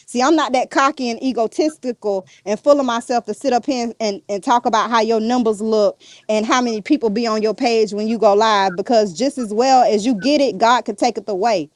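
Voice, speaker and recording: A woman's voice: on the high side, fairly quick, no room sound, clean studio sound. A woman guest on a podcast, ranting bluntly and defiantly, cursing and throwing insults nonstop. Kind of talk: heated rant in an interview.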